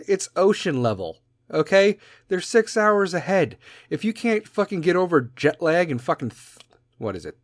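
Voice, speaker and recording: A man's voice: high-pitched, big pitch swings, normal speed, no echo. Chicago guy in his 40s ranting n cursing on his podcast, voice jumps all over, dead dry mic. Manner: profane, rambling, jokey. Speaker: podcast host. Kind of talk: casual rant.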